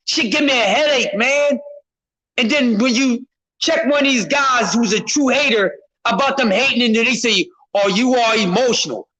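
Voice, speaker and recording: A man on a live stream, ranting about boxing in a loud, profane, repetitive way, often shouting and addressing his chat. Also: very high voice, normal speed, crowd noise, poor audio. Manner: speaks to a chat member by name. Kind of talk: heated live-stream rant.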